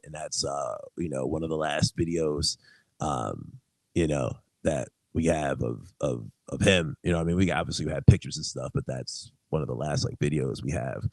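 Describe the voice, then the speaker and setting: A man's voice: a bass voice, creaky, no echo. A young adult man, a guest musician, telling stories in casual chat, laughing often and swearing freely.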